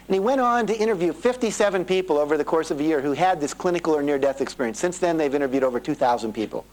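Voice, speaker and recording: Animated man giving a seminar talk. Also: a little high, rapid-fire, hardly any pauses, poor audio. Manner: animated storytelling, acting out quoted voices. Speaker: seminar speaker. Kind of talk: motivational seminar talk to a live audience. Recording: 1980s cassette tape of a live seminar.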